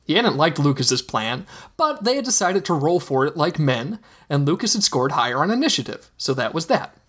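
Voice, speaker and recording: Husky, lively story reader. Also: medium pitch, normal speed. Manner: playful narration with acted dialogue. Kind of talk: lively reading of fan fiction.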